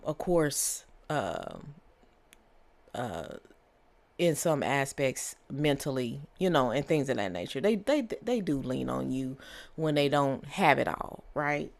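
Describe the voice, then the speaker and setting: A woman's voice: deep voice, gravelly. A woman giving a casual tarot reading, chatty and repetitive, often checking in with "okay?". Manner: repetitive, conversational, many fillers and "okay?". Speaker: tarot reader.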